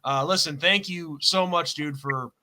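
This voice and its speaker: A man's voice: on the high side, unhurried, crowd noise. A man hosting a live stream, chatting casually and laughing often. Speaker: host.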